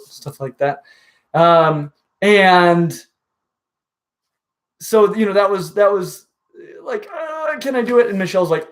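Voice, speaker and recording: A man hosting a casual reptile livestream, enthusiastic and full of halting restarts. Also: fairly high pitch. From dry western region. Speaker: reptile show host.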